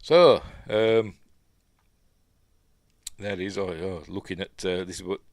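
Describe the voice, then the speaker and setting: Deep-voiced Yorkshire man rambling through a film. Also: fairly even intonation, unhurried, darkish tone, no room sound, clean studio sound. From Yorkshire, England. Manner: rambling and chatty, with frequent ums and asides. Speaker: film reviewer. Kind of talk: casual commentary talking over a film as it plays.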